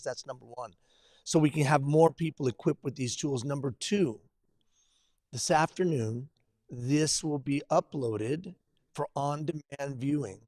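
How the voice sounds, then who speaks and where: Male webcast host, mid pitch, dry mic, friendly announcer energy. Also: darkish tone, dry recording. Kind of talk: live webcast hosting.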